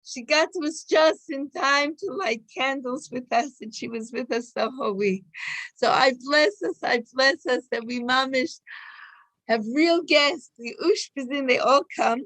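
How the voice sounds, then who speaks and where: A woman's voice: high-pitched, a little slow, fairly bright tone, no room sound, rough recording. A woman giving an informal, emotive Torah class, telling personal stories and sprinkling in Hebrew and Yiddish terms. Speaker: Torah teacher.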